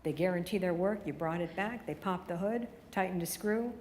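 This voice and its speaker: A woman's voice: fairly low pitch, normal speed, darkish tone, slight background noise. A woman radio consultant giving a conference keynote, firing off emphatic rhetorical questions at the audience. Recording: hall reverb with faint room ambience.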